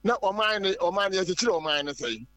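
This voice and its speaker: A man speaking on a radio phone-in, making a slow, emphatic complaint. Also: sits high, animated, pushed and bright, no room sound. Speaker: caller.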